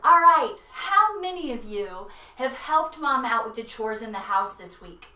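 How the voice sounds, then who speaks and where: A woman leading a children's yoga class, animated and playful, coaching in a sing-song way with sound effects. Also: on the high side, a little slow, recorded from a distance. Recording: echoey room, away from mic, faint music.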